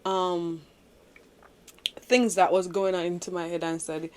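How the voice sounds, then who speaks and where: A woman's voice: lowish voice, level tone, a little slow, pauses often, darkish tone, clean tone. Earnest woman sharing her faith story. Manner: earnest, confiding, many fillers. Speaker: vlogger. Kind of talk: personal faith vlog.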